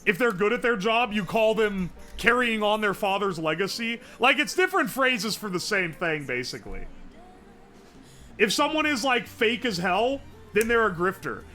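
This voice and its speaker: A man's voice: high-pitched, sing-song, moderate pace, sharp tone, soft background music. A man streaming live, chatting casually and profanely as he rambles and answers his chat.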